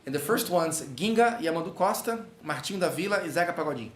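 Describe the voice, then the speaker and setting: A man's voice: a little high, lively intonation, fast talker, roomy sound. A man with a Brazilian accent teaching a live online guitar masterclass, explaining rhythm and singing syllables to demonstrate. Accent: Brazilian Portuguese.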